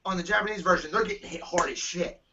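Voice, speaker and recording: A man's voice: high voice, fairly even intonation, fast talker, pushed and bright, highs cut off, a little hiss or hum. A man from the United States, a guest in a casual chat, loose, chatty and profane.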